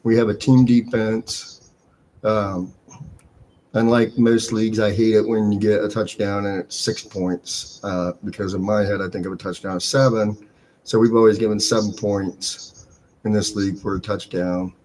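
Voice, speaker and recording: A man's voice: on the low side, little pitch movement, normal speed, darkish tone, a little hiss or hum. A man running a fantasy football draft on a live stream, casually explaining the league's scoring rules with frequent restarts.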